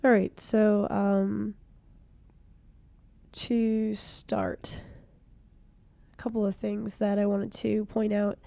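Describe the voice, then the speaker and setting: A young woman with a cold, her voice hoarse and stuffy, chatting casually and self-deprecatingly while streaming a game from a small room. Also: mid-range voice, little pitch movement, very slow, pauses often, mellow, dry recording. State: congested from a cold.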